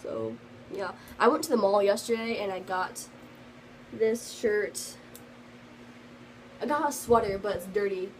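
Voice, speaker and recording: A woman's voice: medium pitch, animated, a little slow, long pauses, slight background noise, poor audio. Rambling teenage girl telling a story. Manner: rambling, lots of fillers. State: slightly sick. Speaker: vlogger. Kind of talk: casual storytime vlog.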